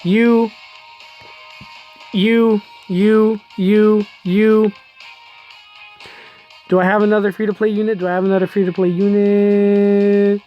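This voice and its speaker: A woman giving excitable live commentary on a mobile game, laughing often and talking straight to her viewers. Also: mid-range voice, takes it slowly, pauses often, highs cut off, faint music behind. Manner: chatty, addresses viewers as y'all.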